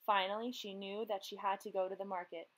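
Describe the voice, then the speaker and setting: Woman teacher reading a picture book aloud; gentle, expressive, talks to young readers. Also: mid-range voice, a little fast, low-quality recording. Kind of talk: children's story read-aloud.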